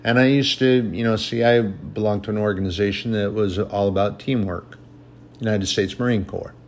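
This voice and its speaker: A man preaching a sermon with emphasis, repeating his points for stress and reading scripture in a raised, slow voice. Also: fairly low pitch, fairly even intonation, a little mellow, a little hiss or hum.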